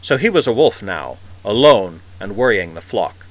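A man narrating a science-fiction story in a measured, expressive reading. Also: on the low side, low-quality recording. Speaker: audiobook narrator.

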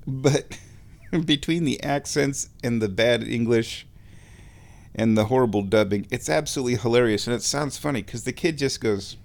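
A man hosting his own show, talking in a relaxed, rambling way while lying down and chuckling often. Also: mid-range voice, moderate pace, creaky. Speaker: solo show host. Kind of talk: casual monologue.

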